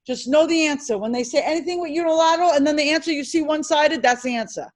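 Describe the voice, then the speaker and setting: A woman teaching an insurance licensing class, drilling terms over and over and firing questions at her students. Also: high-pitched. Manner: animated, repetitive drilling with quick questions to students. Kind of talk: classroom exam-prep lecture.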